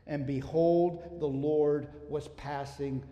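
A man preaching a sermon, building to emphatic, forceful peaks and then dropping to quiet, low asides. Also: steady tone, slow pace, dull audio. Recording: echoey hall, long reverb.

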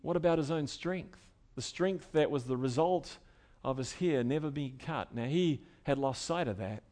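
Male preacher, high-pitched voice, conversational sermon delivery that moves between hushed asides and forceful emphasis. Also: moderate pace. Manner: conversational preaching, swinging from soft asides to loud emphatic bursts. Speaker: pastor.

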